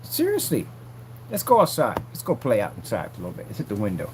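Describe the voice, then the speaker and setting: A man's voice: fairly low pitch, wildly swooping pitch, racing, darkish tone, slight background noise. A man vlogging casually from a work site, taunting a rival in a boastful, repetitive way. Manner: taunting, boastful, repeats himself. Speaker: vlogger selling projection screen paint.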